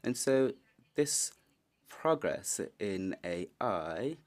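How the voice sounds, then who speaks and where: A man interpreting a panelist's Spanish into English on the fly, halting with many fillers. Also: fairly low pitch, animated. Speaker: conference interpreter. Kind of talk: simultaneous interpretation.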